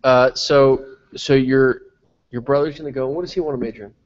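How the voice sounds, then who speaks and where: A nasal-voiced man hosting a casual live interview, joking and asking quick follow-up questions. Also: medium pitch, steady tone. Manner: chatty, joking, asks quick follow-ups. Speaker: interviewer and host. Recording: dull lo-fi mobile broadcast.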